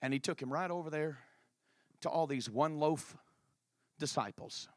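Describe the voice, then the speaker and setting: A male preacher telling a story in a sermon, animated and colloquial. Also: fairly high pitch, normal speed, no echo, studio quality.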